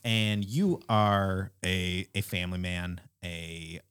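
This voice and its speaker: Very deep-voiced podcast host. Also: male voice, steady tone, a bit bright, clean tone. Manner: measured, thoughtful questioning. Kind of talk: casual podcast chat.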